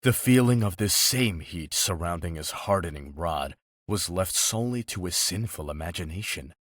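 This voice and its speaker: Deep-voiced man narrating a romance audiobook. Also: animated, moderate pace, no echo, clean studio sound.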